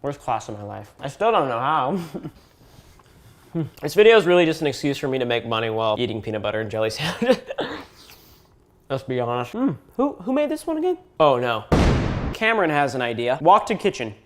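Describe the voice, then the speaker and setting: A man's voice: medium pitch, sing-song, moderate pace, long pauses. A young man doing comedic vlog commentary, playful and sarcastic with exaggerated outbursts. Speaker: YouTuber.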